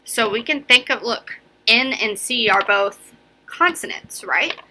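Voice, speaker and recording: A woman's voice: a little high, measured pace, background noise. A young woman teaching a casual video phonics lesson, chatty and encouraging, often checking in with "right?" and "okay?". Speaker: elementary school teacher.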